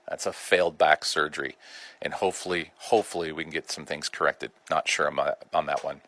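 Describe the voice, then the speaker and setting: Middle-aged man, doctor hosting a radio show, very low voice, dry close studio sound, folksy. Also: fairly even intonation, fairly quick, a bit bright, no echo. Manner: folksy and conversational, with colloquial asides. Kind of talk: informal health talk.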